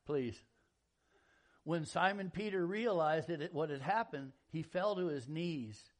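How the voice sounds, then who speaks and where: Folksy animated man preaching. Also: on the high side, measured pace. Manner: folksy, animated storytelling with jokes and acted-out quotes. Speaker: pastor. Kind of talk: sermon.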